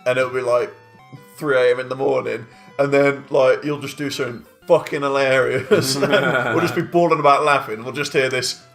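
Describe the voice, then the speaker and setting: A man's voice: mid-range voice, steady tone, brisk, a bit bright, soft background music. A man hosting a game playthrough, chatting in a laid-back way and swearing as he laughs. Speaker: let's play host. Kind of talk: casual gaming chat.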